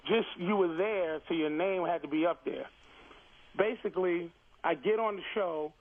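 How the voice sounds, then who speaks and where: A man's voice: sits high, moderate pace. Insistent man calling in over a phone. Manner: insistent storyteller, keeps retelling and interrupting. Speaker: comedian calling in. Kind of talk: heated radio argument. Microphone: phone line. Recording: telephone call on the radio.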